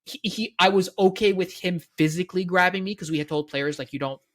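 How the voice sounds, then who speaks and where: Canadian guy, fairly high voice, rambling animated podcast host, lots of ums and likes. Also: brisk. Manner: rambling, animated storytelling with many fillers. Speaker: co-host, game organizer. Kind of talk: casual podcast chat.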